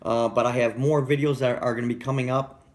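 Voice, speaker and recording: A man's voice: medium pitch, fairly even intonation, fairly quick. A middle-aged man vlogging in a casual, rambling way, stumbling over restarts and repeated words.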